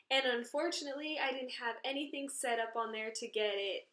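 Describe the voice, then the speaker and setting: A woman casually telling a story about something that happened to her, in an indignant, animated way. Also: a little high, brisk, few pauses. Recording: roomy echo.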